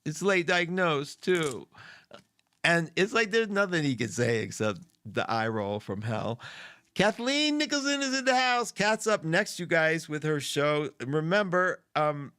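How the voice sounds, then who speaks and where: A man's voice: a little high, expressive, measured pace, bright, forceful tone, clear, resonant tone, dry recording, clean studio sound. A middle-aged man hosting an astrology live stream from an indoor room, chatty and effusive as he greets viewers by name. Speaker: astrology show host. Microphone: studio mic.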